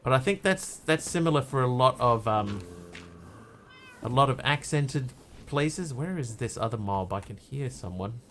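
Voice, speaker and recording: A man from New Zealand with a New Zealand accent tinged with Australian, chatting casually while he streams a game and reads chat aloud, in a halting, rambling way. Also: mid-range voice, expressive, fairly bright tone, slight background noise. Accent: New Zealand, with some Australian.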